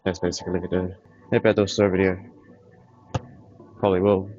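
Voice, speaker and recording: A man's voice: deep voice, little pitch movement, fairly quick, darkish tone, highs cut off. A young man chatting casually and rambling offhand while playing a game as a vlogger. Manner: rambling, offhand, trails off often. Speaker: gaming vlogger.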